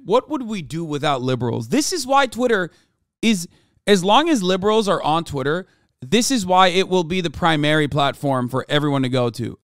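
Sarcastic podcast host, man, mocking and profane, smooth clear voice, dry close mic. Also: on the high side, lively intonation, normal speed, no echo. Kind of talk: comedic commentary reading tweets.

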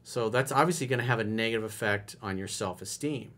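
A man's voice: on the low side, quick pace, fairly bright tone. A man giving blunt relationship advice in a monologue, answering a listener's letter and swearing freely as he acts out lines of dialogue. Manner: blunt, direct and profane, acting out lines of dialogue.

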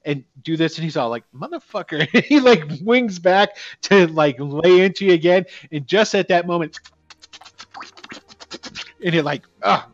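A man running a tabletop game as game master, animated, laughing and swearing casually. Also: high voice, a little slow, long pauses. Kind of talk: narrating a tabletop game session. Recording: dull lo-fi sound with faint music.

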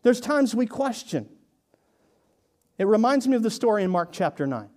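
A male pastor preaching a sermon in a conversational way, with sarcastic asides, swinging from hushed lines to emphatic ones. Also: sits high, very animated, moderate pace.

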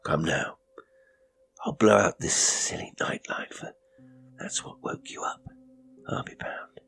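A man voicing an eerily calm older colonel who speaks in a thin, hushed whisper. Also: on the low side, takes it slowly, gravelly, breathy edge, heavily acted.

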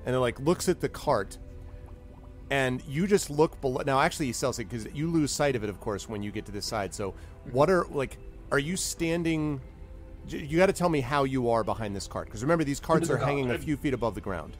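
A man's voice: mid-range voice, lively intonation, fairly quick, faint music behind. A man narrating as game master in a tabletop game, loose and chatty, with lots of ums and sound effects.

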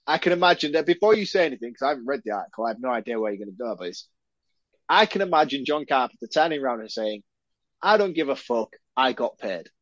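Man, casual podcast co-host, cursing freely, flat-sounding muffled audio with no room echo. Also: medium pitch, racing. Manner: animated and sweary, laughing often. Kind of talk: casual chat. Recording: dry, dull lo-fi sound.

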